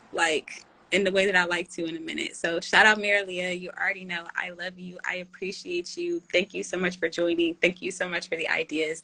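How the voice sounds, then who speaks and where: A woman's voice: fairly low pitch, vocal fry, bright, forceful tone, low-quality recording. A young woman, hosting a tarot channel and talking casually and slangily to her viewers. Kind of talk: casual livestream chat.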